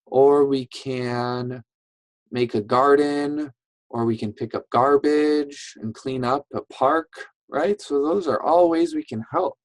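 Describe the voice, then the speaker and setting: Slow, patient reading teacher. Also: mid-range voice, fairly even intonation, dry recording, poor audio. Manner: patient, encouraging, checks in with "right?" and "okay?". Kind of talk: online reading lesson for first graders.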